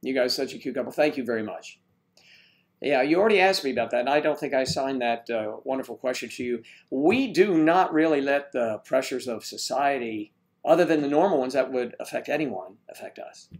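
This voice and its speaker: Guy hosting a live stream, average pitch, rambly and jokey, saying hi to viewers and reading comments. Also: lively intonation, a little fast. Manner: rambling, joking, greets viewers and reads their comments aloud. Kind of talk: casual live chat.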